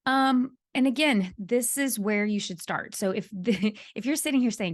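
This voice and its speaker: A woman's voice: a little high, animated, a little slow, hardly any pauses, dry recording, clean studio sound. A woman hosting a solo podcast who coaches leaders, speaking earnestly and repeating her key points for emphasis.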